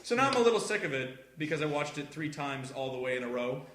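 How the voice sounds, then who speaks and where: A man's voice: fairly high pitch, sing-song, fast, fairly bright tone, roomy sound. A young man co-hosting a casual podcast, telling stories from substitute teaching and acting out quoted voices with laughter. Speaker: podcast co-host. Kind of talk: casual storytelling among friends.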